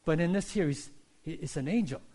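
A male pastor preaching a sermon, telling stories in an animated way and acting out characters. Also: fairly high pitch, fairly quick. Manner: animated storytelling, voicing characters.

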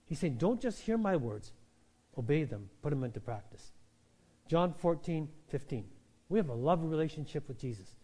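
A man delivers an animated church sermon in a slightly high voice. He talks to the congregation like a conversation, often asking "right?", then climbs to loud, emphatic peaks before dropping to quiet asides. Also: moderate pace, breathy edge. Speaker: pastor.

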